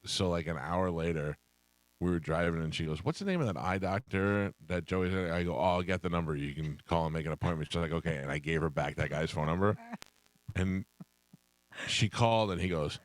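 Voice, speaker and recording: Deep-voiced male radio host. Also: fairly quick, no echo. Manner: storytelling, acts out voices in anecdotes. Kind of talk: casual radio banter. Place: radio studio. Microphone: studio microphone.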